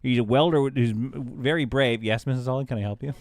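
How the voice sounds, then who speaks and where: A man livestreaming a game, chatting casually with his audience, animated and quick to laugh. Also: mid-range voice. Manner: chatty, talks to chat. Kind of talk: casual live game commentary.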